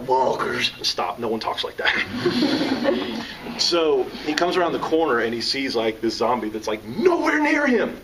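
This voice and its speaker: A man from the South, an author and teacher telling jokes and stories to a live audience. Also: medium pitch. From American South. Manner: joking, animated storyteller. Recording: distant mic with audience around.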